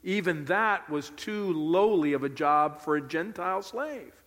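A male pastor preaching a sermon with animated, emphatic storytelling. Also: on the high side, unhurried. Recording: long hall reverb.

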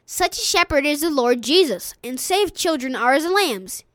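A woman reading a sermon aloud for an audiobook in an earnest, measured way. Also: high voice, lively intonation, fairly bright tone, no echo. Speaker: audiobook reader.

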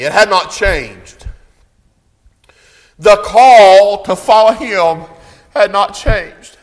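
A man preaching a fervent sermon at a church service, reading scripture in King James wording and rising to shouts at his peaks. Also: very high-pitched. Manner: impassioned, swells to shouting at peaks. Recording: long hall reverb.

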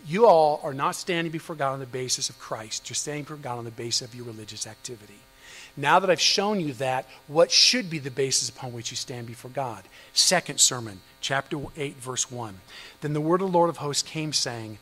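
A man preaching a sermon as pastor, firing off rhetorical questions and swinging between loud emphasis and hushed, low passages. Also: animated, fairly quick, long reverb tail, soft background music, low-quality recording.

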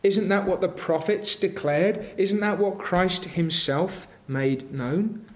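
A man's voice: high voice, slow. A man preaching a sermon, earnest and building to emphatic intensity as he quotes scripture.

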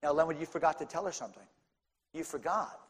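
High-voiced preacher in a reverberant hall. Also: male voice, quick pace, breathy edge. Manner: builds to fervent shouting, then talks casually with the congregation. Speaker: pastor. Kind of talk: sermon.

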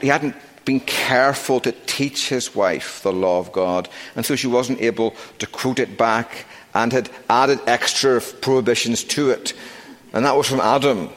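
A middle-aged man preaching a sermon as pastor, emphatic, slowing down to stress key words. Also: medium pitch, fairly bright tone. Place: church sanctuary. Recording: long reverb of a church sanctuary.

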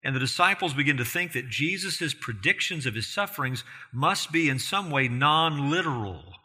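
Earnest bright-voiced preacher man. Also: fairly high pitch, animated, normal speed, hardly any pauses, husky. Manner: earnest, with rhetorical questions to the congregation; emphatic, rising in force on key points. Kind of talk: expository sermon.

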